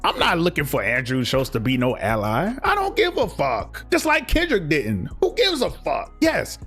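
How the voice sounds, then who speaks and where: A man's voice: on the high side, wildly swooping pitch, moderate pace, fairly bright tone, breathy edge, faint music behind. A young man, giving a blunt, profane, heated commentary rant as a reaction streamer.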